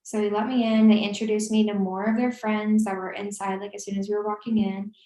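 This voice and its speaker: A woman in her twenties telling a story in casual chat, acting out the voices of the people she quotes. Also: a little fast. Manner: animated, acts out quoted lines with rising pitch. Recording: roomy echo.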